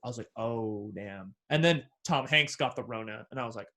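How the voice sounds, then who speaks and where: A man's voice: mid-range voice, quick pace. A young man from the Bay Area, hosting a podcast and telling a story in a casual, slangy way, swearing freely and acting out what people said. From San Francisco Bay Area. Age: young adult. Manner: animated, slangy, swears freely, acts out quoted dialogue. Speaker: podcast host.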